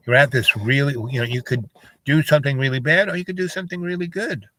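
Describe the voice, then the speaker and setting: A man of ordinary pitch spins a long, wandering story, stopping for fillers and going off on side remarks. Clicks and steady noise run under his voice. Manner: meandering, many fillers and asides. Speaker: vlogger. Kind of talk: rambling casual storytelling. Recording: noisy with clicks.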